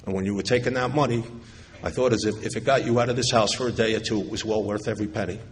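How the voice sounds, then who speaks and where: Speaking to a recovery convention audience, a middle-aged man from New York recounts his personal story with wry humor, acting out what people told him. His lowish voice is rapid-fire with fairly even intonation. The recording has a little hiss or hum, along with echo and faint ambience from the large convention hall.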